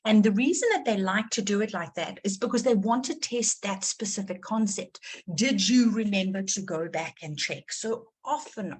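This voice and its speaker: A woman's voice: mid-range voice, husky. A woman maths teacher from South Africa leading a live online revision class, quizzing her students and repeating key points for emphasis. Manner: questioning, encouraging, repeats for emphasis.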